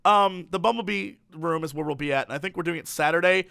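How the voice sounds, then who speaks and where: A man co-hosting a podcast in casual chat, excitable and joking. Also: a little high, quick pace, creaky, no room sound, studio quality. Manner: excitable, sings and does silly voices. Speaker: podcast co-host.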